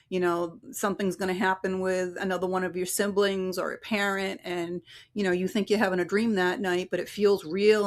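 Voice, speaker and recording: A woman's voice: medium pitch, vocal fry. A woman guest on an interview podcast, a psychic medium and relationship coach, telling stories casually and acting out the voices of the people in them. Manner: chatty, acts out quoted voices in anecdotes.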